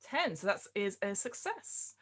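A woman's voice: mid-range voice, very animated, unhurried, breathy edge. A woman running a tabletop game as game master, with chatty, giggly narration full of fillers.

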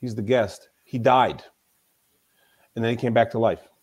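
A man with a mid-range voice and measured pace appears as a guest on a conversational podcast. Speaking as a mental toughness coach, he tells stories emphatically and repeats himself often.

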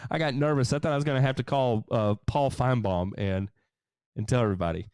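A man's voice: mid-range voice, quick pace, darkish tone, clear, resonant tone, no echo, clean studio sound. A man hosting a lawn care livestream, casually reading and answering viewer comments with jokes. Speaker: lawn care show host.

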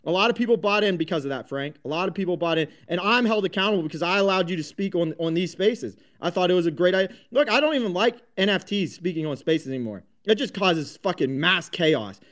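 High-voiced man ranting in an audio room. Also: expressive, fast talker, few pauses, fairly bright tone. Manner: combative, heavy swearing, many restarts. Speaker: host of a crypto talk space. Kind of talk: profane live audio-room rant.

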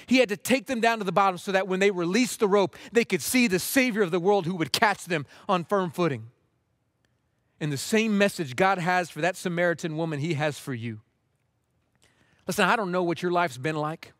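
A pastor with a fairly high voice preaches an impassioned sermon from the pulpit, moving between urgent, pleading intensity and soft, hushed appeals. The recording is brisk, dry and close, with no room sound around it.

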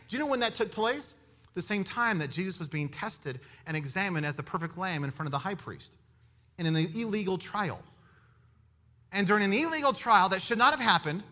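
A man preaching a sermon in an animated way, firing rhetorical questions at his listeners. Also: sits high. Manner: animated, asks the audience many rhetorical questions.

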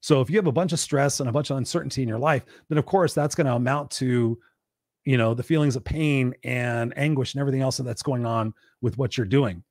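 A man hosting a live-streamed motivational show, talking in an energetic coaching tone and greeting viewers by name, his voice a little tired. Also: mid-range voice, a little fast, dry recording, clean studio sound. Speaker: podcast host. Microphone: desk mic with monitors.

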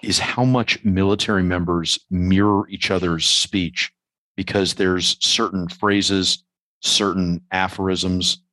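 A man's voice: low-pitched, steady tone, slow, sharp tone, dry recording, rough recording. A man hosting an interview, asking long, thoughtful questions with a few restarts. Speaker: podcast host, interviewer. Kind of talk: conversational interview.

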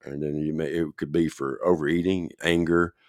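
A man's voice: very deep voice, flat delivery, normal speed, no room sound, clean studio sound. A man in recovery telling his story in a casual, rambling way, often checking in with "you get me?". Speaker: recovering addict sharing his story on a show.

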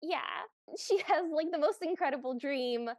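A woman's voice: high voice, moderate pace, a little mellow, dry recording, clean studio sound. A woman co-hosting a podcast, chatting casually as she recaps a movie and acts out the characters' lines. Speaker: podcast co-host.

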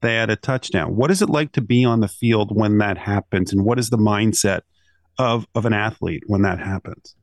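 A man's voice: fairly low pitch, normal speed, no room sound. A man hosting a sports talk show, asking thoughtful, long questions. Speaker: radio host.

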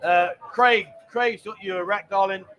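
A man's voice: high-pitched, fairly even intonation, unhurried, bright, forceful tone, poor audio. A middle-aged man hosting a live stream, chatty and bantering as he rambles along. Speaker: livestream host. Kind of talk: casual live-stream chat.

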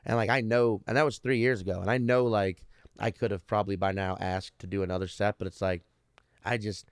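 A fairly low-voiced man in his thirties tells stories as a stand-up comedian guest, rambling and restarting his sentences and swearing freely. His voice sounds dry and close to the mic, with almost no room sound around it. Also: steady tone, brisk, clear, resonant tone, no room sound. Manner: profane, rambling, restarts often. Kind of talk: casual podcast storytelling.

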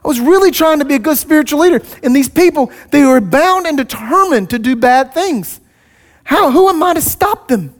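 A man's voice: extremely high pitch, animated, moderate pace, voice pushed up. A man voicing a whiny, excuse-making male Bible leader, pleading and self-pitying.

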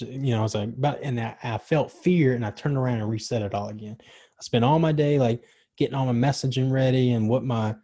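A young man in casual chat, telling stories in a rambling, excited way with slang and swearing. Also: medium pitch. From Charlotte, North Carolina area.

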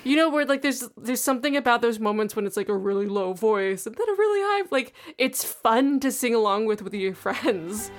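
A woman's voice: fairly high pitch, animated, brisk, few pauses. A woman co-hosting a podcast, chatting casually and laughing often as she talks about music. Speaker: podcast co-host. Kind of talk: casual chat.

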